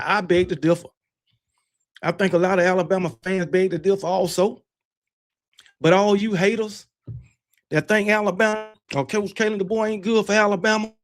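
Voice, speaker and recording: A man hosting a college football livestream, chatting casually in a loose, fired-up and brash way with mild cursing. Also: high-pitched. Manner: talks with candy in his mouth. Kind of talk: casual live-stream chat.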